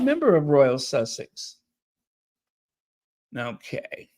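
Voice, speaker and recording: A man hosting a live stream, slowly reading member messages and thanking them, and he gets openly emotional and effusive. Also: medium pitch, lively intonation, slight background noise. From United States.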